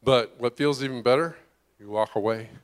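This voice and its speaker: A man's voice: mid-range voice, moderate pace, smooth. A middle-aged man preaching a conversational sermon, often asking "right?" and acting out the voices of the people he describes. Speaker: pastor.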